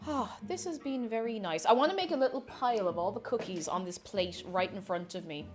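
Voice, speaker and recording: A woman's voice: mid-range voice, fairly quick. A young woman chatting casually on a live stream, reading chat aloud and talking with her mouth full. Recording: faint music behind.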